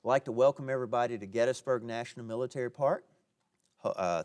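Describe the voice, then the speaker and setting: A man's voice: on the low side, darkish tone, clear, resonant tone. Folksy Southern man giving a lecture. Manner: folksy, self-deprecating, chuckling asides. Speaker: park ranger. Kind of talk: public history lecture. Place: lecture room with live audience.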